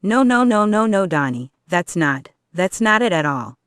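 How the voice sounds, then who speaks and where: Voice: medium pitch, big pitch swings, moderate pace, fairly bright tone, smooth, no room sound. A reader voicing a sarcastic teenage male turtle who mocks and then soothes his brother, in a fan audio drama. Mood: pleading.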